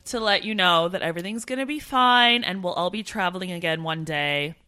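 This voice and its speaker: A woman co-hosting a travel podcast in casual chat, animated and loose, swearing now and then. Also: on the low side, fairly quick, clean tone. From Canada. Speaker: podcast co-host.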